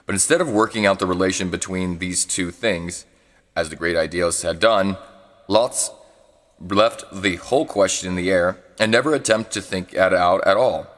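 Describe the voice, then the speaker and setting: Long reverb trails the low, fairly bright voice of a man reading a philosophy book to a live audience. His delivery is halting, with corrections of misread words and asides about foreign words he isn't sure how to pronounce.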